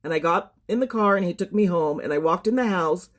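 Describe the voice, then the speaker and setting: A woman giving a personal testimony straight to her viewers. She is shaken and fights to keep her composure, with many pauses and ums. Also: on the low side, expressive. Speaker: social media storyteller.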